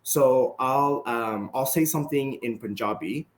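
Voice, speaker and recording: A Canadian martial arts instructor, guesting on a podcast, tells stories in a relaxed, casual way and keeps tagging his sentences with "right?" His voice sits in the mid range and moves at a measured pace. The recording is reverberant, with a little hiss or hum.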